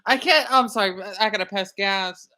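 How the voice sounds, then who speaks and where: A man streaming live, reacting to videos with loud exclamations and laughter. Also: high voice, normal speed.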